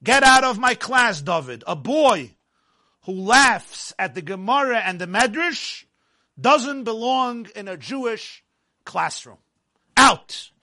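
A stern male Torah teacher bursting out in sharp, scolding anger, as a storyteller puts him on. The voice rides high and bright, pushed loud and hard. Each rebuke comes short and cutting. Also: very animated, a little slow, few pauses, no room sound, exaggerated voice. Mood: furious.

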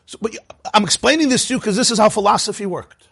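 A man teaching a lively Torah class, asking rhetorical questions and chuckling at his own points. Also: high-pitched, quick pace, gravelly, husky, no room sound.

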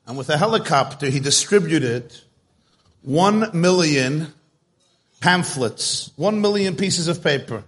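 A man's voice: a little high, fairly bright tone. A man giving a storytelling talk to a live audience, chatty and joke-telling, speaking straight to his listeners.

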